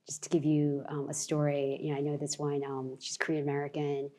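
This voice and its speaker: A woman's voice: low voice, completely flat delivery, a little fast, mellow. A woman in her forties, an alumni panelist, recounting what she has observed in a thoughtful, hesitant way with many fillers. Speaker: alumni panelist, immigration attorney. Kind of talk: casual panel talk.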